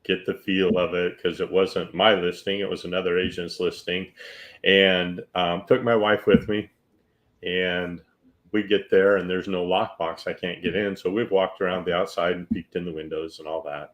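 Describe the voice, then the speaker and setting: A middle-aged man hosting an interview, telling a real estate anecdote in a casual, lively way and acting out the people in it. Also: low-pitched, moderate pace. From Northern California. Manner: animated anecdote teller, acts out quoted voices.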